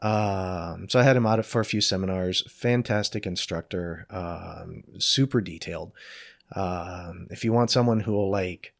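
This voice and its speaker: A man's voice: sits low, measured pace, creaky, no room sound, studio quality. A middle-aged man chatting as a podcast guest, rambling with many fillers and jokey asides. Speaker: podcast guest, jiu-jitsu black belt. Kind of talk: casual interview chat.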